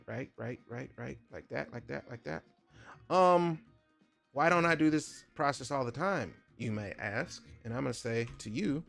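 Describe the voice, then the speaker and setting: A father streaming his digital art keeps up relaxed, joking conversation with his audience and speaks to chat directly as he draws. His voice is medium in pitch, creaky and fairly bright.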